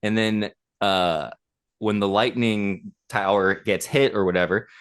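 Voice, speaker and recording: A man's voice: fairly low pitch, unhurried, clean tone. A man in his thirties, a podcast co-host, chatting casually and telling a story with enthusiasm and lots of fillers. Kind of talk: casual chat.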